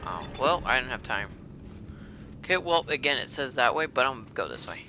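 Profane excitable gamer yelling at monsters. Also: male voice, medium pitch, a little fast. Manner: profane, excitable, shouts at enemies. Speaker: gamer playing a horror game. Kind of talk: let's play commentary. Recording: game sound and noise behind.

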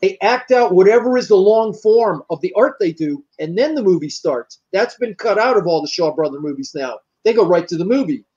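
Older man, from the United States, high voice, rambling anecdotes, interview guest, muffled audio. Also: lively intonation, fairly quick, hardly any pauses, dark tone. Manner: rambling, anecdotal, acts out quoted dialogue. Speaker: martial arts grandmaster, interview guest. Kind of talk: storytelling in an interview.

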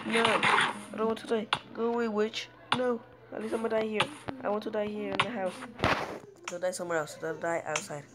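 A woman's voice: medium pitch, fairly even intonation, normal speed. A woman giving live gameplay commentary, panicky and pleading, talking to herself as she plays. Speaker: gamer. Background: loud game music.

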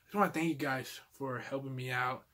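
A man's voice: medium pitch, steady tone, a little fast, pushed and bright, a little hiss or hum. A young man in a casual toy-collection vlog, laid-back and fond of calling everyone dude, tired and out of breath.

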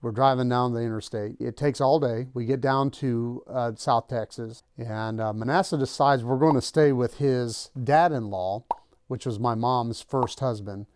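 A man's voice: medium pitch, normal speed, a little mellow, smooth, dry recording, clean studio sound. A man hosting his own channel, casually telling a personal story and acting out the lines of the people in it. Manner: conversational, acts out quoted lines. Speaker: channel host.

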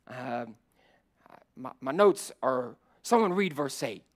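A middle-aged man preaching a sermon as a pastor, surging from loud emphatic climbs to low quiet asides. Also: animated, takes it slowly. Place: church sanctuary.

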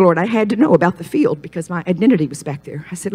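A woman's voice: expressive, fast talker, slightly rough. Emphatic woman preaching her testimony. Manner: emphatic, storytelling, swells louder and higher on key points. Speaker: speaker at a Christian ministry. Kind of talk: personal testimony sermon.

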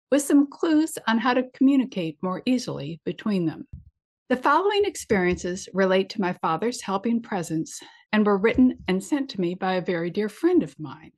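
A woman's voice: medium pitch, a little mellow. A woman reading an old memoir aloud in a matter-of-fact way. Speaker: reader.

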